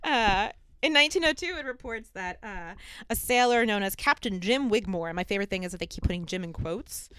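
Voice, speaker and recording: A woman co-hosting a podcast who tells a story in a relaxed way and laughs easily. Her voice is smooth and clear at a middle pitch, recorded dry and close. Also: brisk, dry recording. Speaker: podcast co-host. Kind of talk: casual chat.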